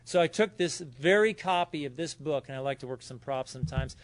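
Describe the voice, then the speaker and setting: A man's voice: fairly high pitch, brisk. A man speaking at a recovery convention, telling personal stories casually with fillers and quoted dialogue. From Southern California. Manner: casual, storytelling with acted quotes and frequent fillers. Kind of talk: personal story talk at a convention. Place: hotel conference room.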